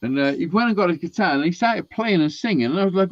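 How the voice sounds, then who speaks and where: Guy, bit high voice, cussing nonstop, dull lo-fi sound. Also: fast, dry recording. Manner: sweary, animated, acts out quotes. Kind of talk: casual storytelling chat.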